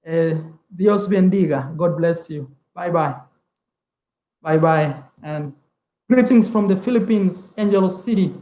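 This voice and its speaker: A man's voice: fairly high pitch, measured pace, warm tone. Chatty man live-streaming in an echoey room. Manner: chatty, keeps calling listeners "man", thanks viewers often. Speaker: vlogger hosting a livestream. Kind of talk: casual livestream chat with viewers. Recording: roomy echo.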